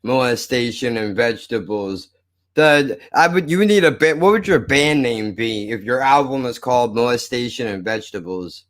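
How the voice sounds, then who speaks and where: A man's voice: mid-range voice, animated, moderate pace, fairly bright tone. A man hosting a podcast, rambling and joking with heavy swearing. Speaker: podcast host. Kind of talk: casual podcast banter.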